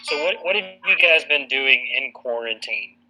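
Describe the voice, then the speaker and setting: A man teaching, chatting casually with his students over a video call from home, relaxed and joking. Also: medium pitch, moderate pace, soft background music, rough recording. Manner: easygoing, relaxed banter with students. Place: at home indoors. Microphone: computer mic on a video call.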